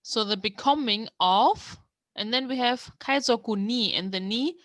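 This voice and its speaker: A woman's voice: on the high side, a little slow, a bit bright, dry recording, studio quality. A young woman from Germany, giving a casual language lesson and explaining a manga text word by word as she thinks aloud. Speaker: language learner teaching from a manga.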